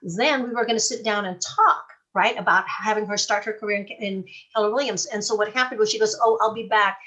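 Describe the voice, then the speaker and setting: A middle-aged woman teaches a live real estate class at a middle pitch. She explains things in a relaxed, conversational way and slips into stories from her own work. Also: brisk. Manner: conversational, folksy, tells anecdotes.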